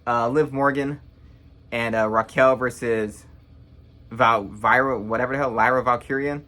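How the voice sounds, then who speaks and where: A man's voice: mid-range voice, steady tone, pushed and bright. A young man giving a casual, opinionated recap as a vlogger, blunt and rambling. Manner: blunt, rambling, quick to judge. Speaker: wrestling reaction vlogger.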